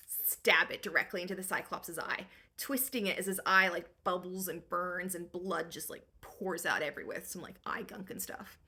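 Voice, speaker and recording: A woman's voice: lowish voice, bright, forceful tone. A young woman giving a comedic book recap in a breezy, slangy, irreverent way.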